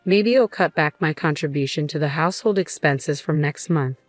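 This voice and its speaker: A woman's voice: low-pitched, normal speed, no echo, soft background music, natural voice. A woman voicing a controlling, condescending husband who barks and sneers at his wife. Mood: domineering. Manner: barking, sneering.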